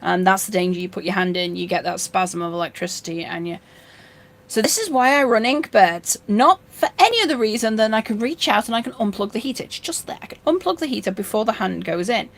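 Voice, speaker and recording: A woman's voice: medium pitch, lively intonation, a little fast. Woman host, casual chat, rambling and anecdotal, dry humour. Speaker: fishkeeping channel host.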